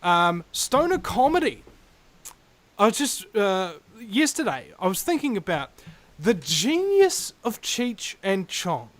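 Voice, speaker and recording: A man hosting a radio talk show, talking in a rambling, animated way with many fillers. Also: high-pitched, slow, dry recording. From New Zealand. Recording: radio broadcast.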